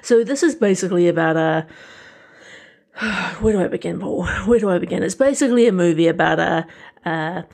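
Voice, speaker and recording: A man's voice: high voice, fairly quick, gravelly, a little mellow. A man, co-hosting a podcast in an easygoing, hesitant manner. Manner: easygoing, hesitant, restarts phrases. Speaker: podcast co-host. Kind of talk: casual chat.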